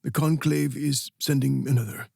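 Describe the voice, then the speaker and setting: A man's voice: mid-range voice, fairly even intonation, normal speed, vocal fry, darkish tone, no room sound, studio quality. A male audiobook narrator voicing a stout royal advisor who speaks patiently and politely. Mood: regretful. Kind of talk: audiobook character voice.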